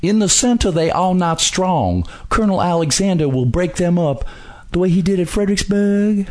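A man putting on a pompous old general with an exaggerated thick Southern drawl, slow and flowery. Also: high-pitched, expressive, a little mellow, pitched above the performer's own voice. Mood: commanding. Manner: slow, flowery, dripping delivery.

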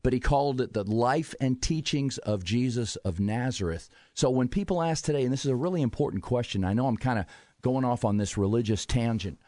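A man appearing as a history guest on a radio talk show, explaining in a measured way and posing rhetorical questions. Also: medium pitch, warm tone, no room sound. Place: radio studio.

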